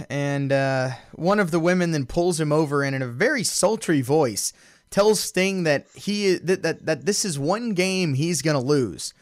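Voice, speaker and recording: A man's voice: a little high, no room sound, clean studio sound. A man hosting a podcast, recapping a wrestling show in casual chat, amused and storytelling with frequent fillers. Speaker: podcast host.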